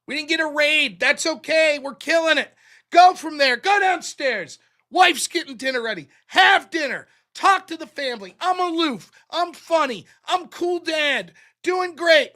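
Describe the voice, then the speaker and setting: Bright-voiced profane American streamer man. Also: very high voice, lively intonation, unhurried. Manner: profane, rambling, self-mocking. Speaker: live-stream host. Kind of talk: casual live-stream monologue.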